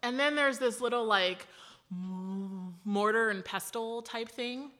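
Bright-voiced woman telling a wild story. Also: fairly high pitch, slow pace. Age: 30s. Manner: animated, laughing often, heavy use of "like". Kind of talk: casual storytelling.

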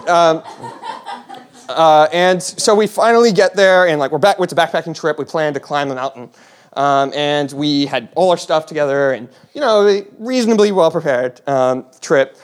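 A man's voice: a little high, clear, resonant tone. A young man telling a personal story on stage, rambling with many fillers and restarts and laughing as he goes.

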